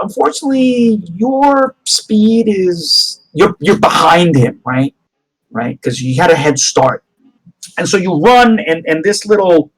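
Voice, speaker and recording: A man's voice: high-pitched, creaky, low-quality recording. A man narrating a tabletop game as game master, rambling with restarts. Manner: rambling, many fillers and restarts.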